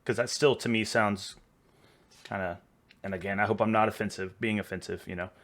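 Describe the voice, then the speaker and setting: A man's voice: lowish voice, steady tone, brisk, a bit bright. A Texan man hosting a reaction video, rambling and chatty, a little tipsy. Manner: rambling, chatty, laughs easily. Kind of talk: casual reaction commentary.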